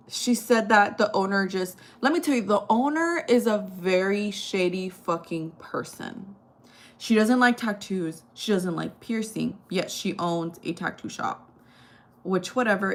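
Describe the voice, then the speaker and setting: A woman born in Chile and raised in the United States, telling a casual story with lots of fillers and swearing. She rises higher and louder when outraged. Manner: rambling, profane, lots of fillers; gets loud and high when outraged. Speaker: storytime vlogger.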